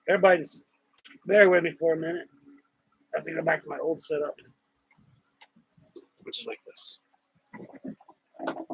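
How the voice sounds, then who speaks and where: A man hosting a casual outdoor live stream, greeting viewers by name in a chatty, upbeat way with drawn-out shout-outs. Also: high-pitched, no echo, rough recording. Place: outdoors on a hot day with a fan.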